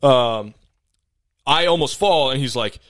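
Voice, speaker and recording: A man's voice: medium pitch, animated, slow, a bit bright, dry recording. A young man and podcast co-host telling a story in casual chat, laid-back, profane and rambling.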